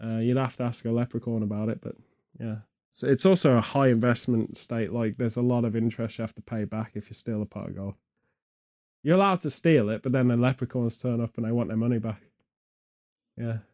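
A man's voice: mid-range voice, steady tone, a little fast, darkish tone. A man from the UK chatting casually, spinning meandering, absurd comic tangents with a straight face. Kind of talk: comedic rambling chat.

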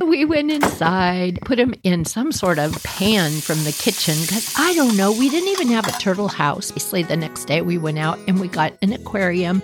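A woman hosting a podcast, telling a childhood story in an animated, emotional way and acting out voices. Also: fairly low pitch, poor audio. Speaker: podcast host.

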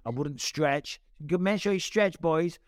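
Sweary, lively British podcast host. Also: male voice, a little high, measured pace, dry recording, studio quality. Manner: sweary, blunt and enthusiastic. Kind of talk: casual chat.

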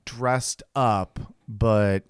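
Speaking extremely slowly, a man who works as a caricature artist tells a story in casual conversation, cursing often and animatedly impersonating quoted people with big pitch jumps. The tone is clean, studio quality, without echo.

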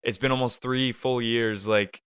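A man co-hosting a podcast, talking earnestly and reflectively in loose conversation. His voice is bright and crisp, recorded dry and close. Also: mid-range voice, steady tone, a little slow, no echo. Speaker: podcast co-host. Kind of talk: casual chat.

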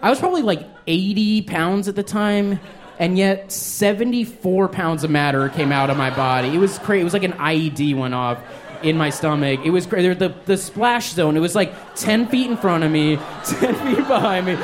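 A young man on stage in stand-up mode, his voice sitting a little high for a man. He tells his story in an animated, self-mocking way, playing out scenes from his youth. A faint hum of ambient noise runs under the recording. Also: normal speed. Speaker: stand-up comedian.

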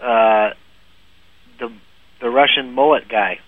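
A man's voice: mid-range voice, slow, no echo. A man telling a long funny story in casual podcast chat, laughing often and restarting his sentences. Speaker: guest storyteller. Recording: phone-like lo-fi, dry.

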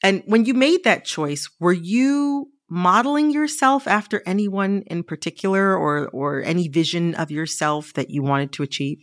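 A woman's voice: on the low side, lively intonation, moderate pace, few pauses, dry recording, clean studio sound. A woman hosting an interview, asking curious, upbeat questions and narrating between segments. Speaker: podcast host.

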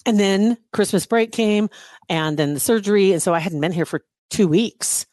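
A woman's voice: mid-range voice, normal speed, a little mellow, no room sound, studio quality. A woman chatting casually and telling a story, wry and exasperated, laughing often between lines. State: recovering from knee surgery. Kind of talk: casual chat.

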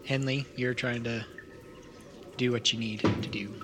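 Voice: medium pitch, steady tone, measured pace, background noise. A game master casually narrating a tabletop role-playing game. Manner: casual, descriptive.

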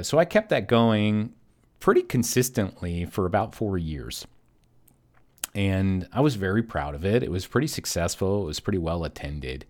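A man hosting a solo podcast, telling a personal story in a reflective, hesitant way with many fillers. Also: low-pitched. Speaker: podcast host.

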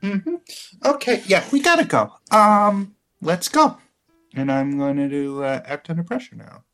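A player in a casual tabletop session, talking in a playful, lively way. The pitch bounces widely, with faint music underneath. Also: a little slow.

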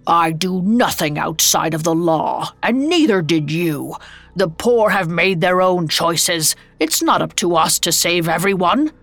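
A woman's voice: fairly low pitch, animated, unhurried, a bit bright, no room sound, faint music behind, exaggerated voice. A woman playing a miserly old man who is skeptical and frightened, with a scoffing, flustered manner. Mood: alarmed.

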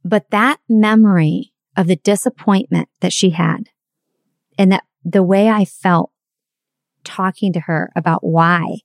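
Candid middle-aged woman, low dry voice. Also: steady tone, a little slow, dry recording. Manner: candid, reflective storytelling. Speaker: parenting speaker. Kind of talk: confessional monologue.

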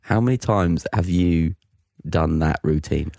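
Gravelly low-voiced man, joking. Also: warm tone, dry recording, studio quality. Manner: quick to laugh, joking. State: sore throat. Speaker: podcast co-host. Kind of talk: casual chat.

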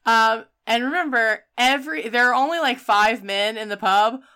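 Chatty woman retelling a film, bright voice. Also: a little high, moderate pace, clear, resonant tone. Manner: chatty, filler-heavy retelling with quoted voices and laughter. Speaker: podcast co-host recapping a film. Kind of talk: casual chat.

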